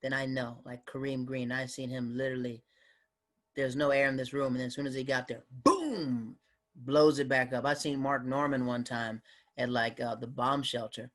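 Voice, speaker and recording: Male comic telling road stories, animated, average pitch. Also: moderate pace. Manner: animated, acts out other people's voices. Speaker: guest comedian. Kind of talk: casual storytelling in a podcast interview.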